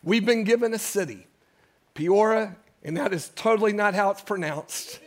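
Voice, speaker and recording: Male pastor, high voice, impassioned sermon, repeated phrases, church sanctuary, stage mic. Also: a little fast. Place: church sanctuary before a congregation.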